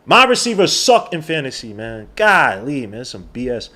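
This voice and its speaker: A man hosting a live sports podcast, talking in an animated, rambling way with exclamations and repeated words. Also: mid-range voice, moderate pace. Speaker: podcast host. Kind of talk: live-stream sports talk.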